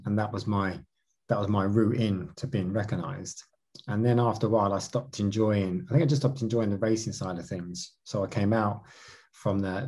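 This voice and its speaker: A man tells his story in an interview, animated and quick to restart his sentences. His voice sits a little low and sounds husky. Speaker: marathon canoe racer. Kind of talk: interview answers.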